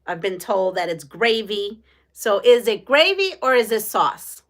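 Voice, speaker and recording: A woman's voice: mid-range voice, big pitch swings, unhurried, fairly bright tone. A woman from the United States hosting a quilting live stream, chatting casually with viewers, laughing often.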